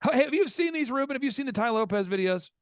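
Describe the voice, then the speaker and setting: A male podcast host tells stories with high energy and voices both sides of each conversation. His voice sits high and swoops widely. The studio recording is close and dry. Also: expressive, fast, no echo. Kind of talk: animated storytelling.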